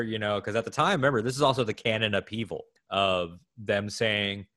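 A man co-hosting a podcast in casual chat, speaking with enthusiasm in quick bursts. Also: on the low side, steady tone, fairly bright tone, dry recording, clean studio sound. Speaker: podcast co-host.

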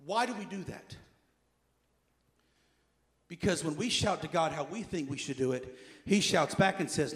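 A man preaching a sermon as pastor, emphatic, repeating key phrases and swinging between loud urging and quiet asides. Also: a little high, lively intonation, normal speed.

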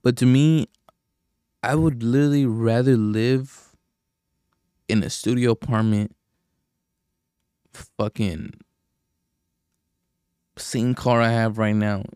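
A man's voice: medium pitch, steady tone, slow pace, long pauses, warm tone, clear, resonant tone, no echo, studio quality. A young man hosting a podcast, rambling in a casual rant full of profanity, sighs and fillers. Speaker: podcast host.

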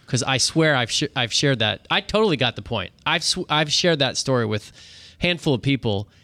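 A man's voice: mid-range voice, lively intonation, sharp tone, no room sound. Easygoing male podcast co-host. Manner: agreeable, quick restarts when telling. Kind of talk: casual chat.

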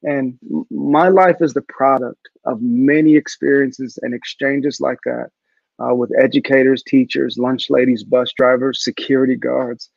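A man's voice: medium pitch, unhurried, gravelly, dry recording, muffled recording. A man speaking as a guest over a video call, telling a personal story with animation and acting out the voices of others. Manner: animated storyteller who acts out quotes. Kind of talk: storytelling interview answer.

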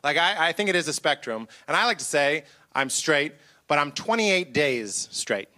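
High, lively stand-up comedian man. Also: normal speed. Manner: animated, self-mocking, slips into goofy voices. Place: comedy stage before a live audience.

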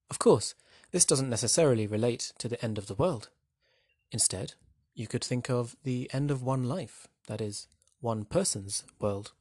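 A man with a slightly husky voice talks through a poem like a teacher, wry and conversational, often turning questions back to the listener. His voice is recorded close and dry, with no room around it. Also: mid-range voice, darkish tone, no room sound. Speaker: literature teacher. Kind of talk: explanatory lesson narration.

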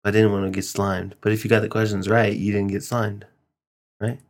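A man's voice: on the low side, flat delivery, moderate pace. A young man from Nevada co-hosting a podcast, chatting casually, laughing often and swearing. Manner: laid-back, laughs often, swears a lot. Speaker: podcast co-host. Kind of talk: casual chat.

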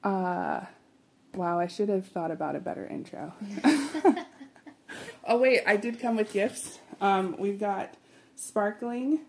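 Hosting her podcast, a woman keeps things chatty and giggly, drawing out her intro in a sing-song manner. Her voice is medium-pitched with a somewhat dark tone.

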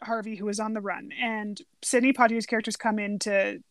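A woman's voice: medium pitch, level tone, a little fast, dry recording. A woman in a casual film chat, animatedly retelling scenes and acting out the characters' lines.

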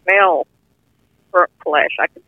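Slow and lowish in pitch, an older woman delivers a heartfelt personal testimony as a guest, speaking plainly, informally and earnestly. It comes through as dry, tinny phone-line audio without any echo.

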